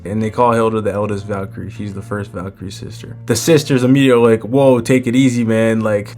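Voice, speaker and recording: A man giving a relaxed, casual recap of a manga chapter and chuckling as he retells its scenes. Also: medium pitch.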